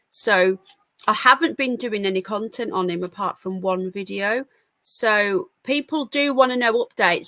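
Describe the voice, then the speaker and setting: A woman's voice: mid-range voice, pushed and bright, no room sound. A tired woman from the UK hosting a casual live news stream, giving blunt opinions and reading out chat comments. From United Kingdom. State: tired, yawning. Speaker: livestream news host.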